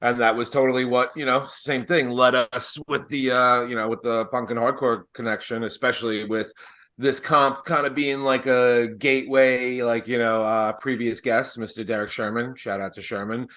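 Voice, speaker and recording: A man's voice: mid-range voice, little pitch movement, normal speed, sharp tone. A man from Long Island, a cook who is a guest on a podcast, chatting loosely and filling his sentences with "uh" and "like". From Long Island, New York. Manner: rambling, loose, full of fillers like "uh" and "like". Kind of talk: casual podcast chat.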